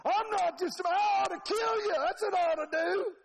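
A man's voice: high-pitched, animated, a little fast, crowd noise, pitched above the performer's own voice. Man putting on a blustering greedy country bumpkin. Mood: angry. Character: greedy dim-witted country man, money-hungry.

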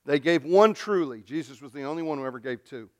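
A pastor preaching a sermon, swinging from hushed, near-whispered lines to loud, emphatic ones. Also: male voice, fairly high pitch, expressive, quick pace.

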